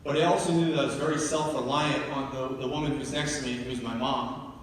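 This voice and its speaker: A man's voice: medium pitch, fairly even intonation, fairly quick, slight background noise. A man from New Jersey giving a live motivational speech to an audience in a large hall. He tells personal stories with feeling and asks the crowd questions. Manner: emotional storytelling, questions to the audience. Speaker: motivational speaker. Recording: echoey hall, from far off.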